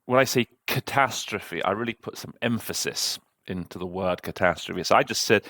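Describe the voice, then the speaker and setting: Host man, very deep voice, dry close sound, self-critical interpreter talking through his work. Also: normal speed, hardly any pauses, bright, forceful tone, no echo. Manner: reflective, self-critical, conversational. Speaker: conference interpreter and podcast host.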